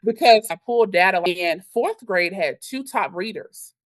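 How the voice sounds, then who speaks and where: A woman teacher, telling animated stories in a podcast interview and acting out what her students say. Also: mid-range voice, moderate pace, no room sound. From Louisiana. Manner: animated storyteller, acts out quotes from kids. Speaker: elementary school teacher.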